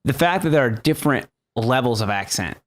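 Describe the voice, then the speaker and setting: A man's voice: medium pitch, brisk. A man from Florida co-hosting a talk show, chatting casually and rambling from point to point. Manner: rambling, animated, mimics voices in asides. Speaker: podcast co-host. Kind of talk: casual chat.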